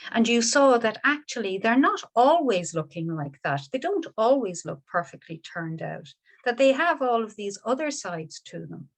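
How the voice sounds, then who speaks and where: A woman voicing the Buddha as a calm, kindly male sage who soothes gently and repeats his words. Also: fairly high pitch, creaky. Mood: earnest.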